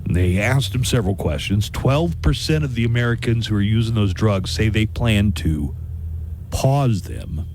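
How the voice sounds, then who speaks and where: A man with a fairly low voice hosts a radio show, chatting loosely and joking between songs. He wanders into rambling asides. There is faint ambience behind him in the studio. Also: lively intonation, moderate pace, a little mellow, slight background noise. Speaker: radio host. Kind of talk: casual on-air chat. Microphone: studio microphone.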